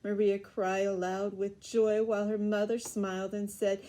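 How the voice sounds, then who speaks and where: Woman reading a storybook aloud, mellow warm voice, steady. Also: medium pitch, moderate pace, hardly any pauses. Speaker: reader.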